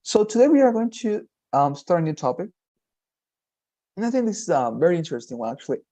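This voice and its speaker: A man's voice: high voice, big pitch swings, fast, dark tone. A man teaching English in a one-on-one lesson, encouraging and patient, often repeating praise.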